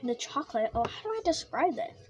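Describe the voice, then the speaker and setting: A woman vlogging a casual snack taste-test, excitable and giggly, chatting while she eats with her mouth full. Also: high-pitched, a little fast, slight background noise.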